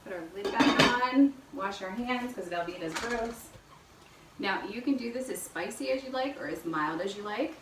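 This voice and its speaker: A woman hosts a relaxed home cooking video, chatting her viewers through every step. Her mid-range voice is picked up by a camera mic set back in an echoey home kitchen. Steady background noise runs under her voice. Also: on the high side, normal speed, far from the mic. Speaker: cooking show host. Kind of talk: casual home cooking demonstration.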